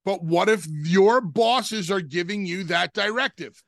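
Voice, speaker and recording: A man with a high, gravelly voice teases his co-host with slow, drawn-out questions. His tone is bright and edgy, and the studio sound is dry and close. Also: dry recording. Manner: teasing, questioning. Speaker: radio co-host. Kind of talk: playful radio banter.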